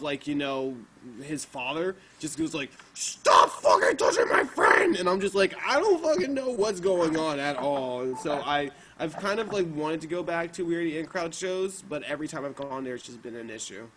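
Young male podcast host, slightly high voice, loose filler-heavy storytelling with cursing. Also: a little hiss or hum, low-quality recording. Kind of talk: casual chat.

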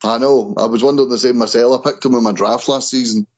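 A man's voice: mid-range voice, steady tone, fast talker, a little mellow, low-quality recording. A man co-hosting a wrestling chat show in a casual way, often stumbling and restarting over names. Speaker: wrestling podcast co-host.

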